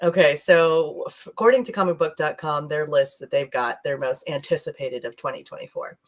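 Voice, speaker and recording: A woman's voice: low-pitched, moderate pace. A woman co-hosting a podcast in casual, rambling chat, laughing often as she talks. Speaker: podcast co-host. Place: streaming live.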